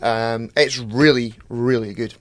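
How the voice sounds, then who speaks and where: A man co-hosting a casual podcast, rambling through his thoughts with lots of ums, restarts and swearing. His voice sits at an ordinary middle pitch. The recording is dry and close, with no room sound. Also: fairly even intonation, slow, no echo. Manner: rambling, hesitant, swears freely. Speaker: podcast co-host. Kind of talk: casual chat.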